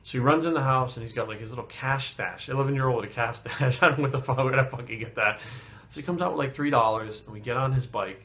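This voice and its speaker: Casual male fitness vlogger, mid pitch, profane and rambling storyteller. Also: a bit bright. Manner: heavy swearing, rambling asides.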